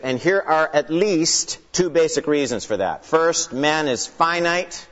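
A man's voice: on the high side, expressive, a little slow, few pauses, fairly bright tone. Man, Bible teacher; earnest and emphatic with dry asides; long hall echo, muffled lo-fi recording. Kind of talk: teaching lecture opened with prayer. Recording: long hall reverb, dull lo-fi sound.

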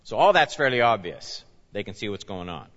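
A man pastor preaching a sermon, with animated emphasis that rises and falls as he explains scripture. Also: on the low side, brisk. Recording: reverberant hall, dull lo-fi sound.

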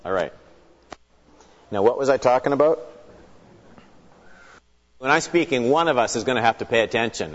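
A man's voice: mid-range voice, lively intonation, normal speed, long pauses, slight background noise. A man giving an earnest, emphatic Bible lecture that opens with a prayer, with wry asides along the way. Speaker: Bible teacher. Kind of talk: teaching lecture opened with prayer. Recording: long hall reverb, dull lo-fi sound.

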